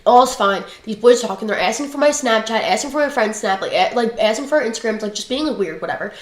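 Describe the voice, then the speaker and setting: A young woman appearing as a livestream guest tells a story in a blunt, chatty, casual way, swearing freely. Her voice is on the high side, animated and fast, in a roomy, echoey room.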